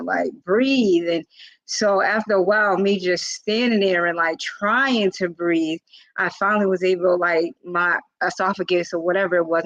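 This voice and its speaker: A woman's voice: on the low side, a bit bright, no echo. A woman vlogger telling a personal story in a casual, earnest way, with lots of informal fillers. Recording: slightly dull, dry lo-fi recording.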